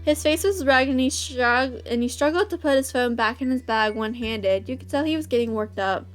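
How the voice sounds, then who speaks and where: A woman's voice: sits high, a little fast, faint music behind. A woman host reading a visual novel aloud, breaking off into giggly, gushing asides.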